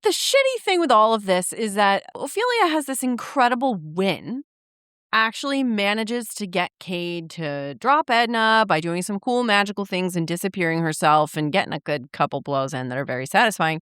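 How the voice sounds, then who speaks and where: A woman's voice: mid-range voice, lively intonation, moderate pace, a bit bright, smooth, dry recording, studio quality. A woman co-hosting a book podcast, chatting emphatically about a novel and swearing freely. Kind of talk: casual chat recapping a novel.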